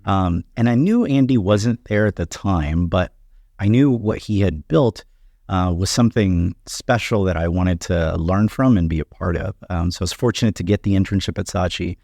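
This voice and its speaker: A man in his thirties with a deep, low voice speaks as an interview guest, answering in calm, articulate sentences that often open with a soft "um." The recording is dry and close, with no room echo. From United States, Honduran parents. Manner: measured, articulate, frequent "um" openers. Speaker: guest, company CEO.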